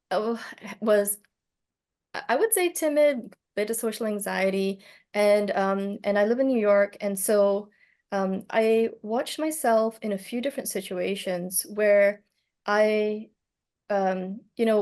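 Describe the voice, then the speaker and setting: A woman telling a personal story in casual talk, reflective and hesitant, with many fillers and restarts. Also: mid-range voice. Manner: reflective, gently animated when telling a story. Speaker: speaker on plant medicine.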